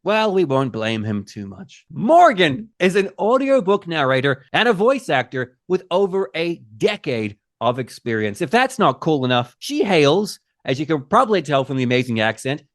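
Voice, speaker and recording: A man hosts a loose, jokey podcast and swears freely as he riffs. His voice sits a little high and swings widely in pitch. He shifts between silly bits and friendly welcomes. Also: normal speed, hardly any pauses. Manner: animated, profane, jokey, slips into silly voices. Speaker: podcast host. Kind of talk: casual podcast banter.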